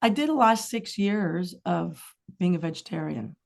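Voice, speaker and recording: A middle-aged woman chats as a podcast guest, her low voice carrying a gravelly rasp. She rambles through candid stories full of frank, lively asides. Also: normal speed. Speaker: guest, singer-songwriter. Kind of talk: casual podcast interview chat.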